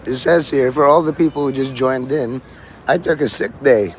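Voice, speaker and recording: The phone recording is rough, full of city street sound, as a medium-pitched man streams live from an open-air plaza between high-rises. At a moderate pace, he jokes, swears offhandedly, and addresses both the birds and his audience.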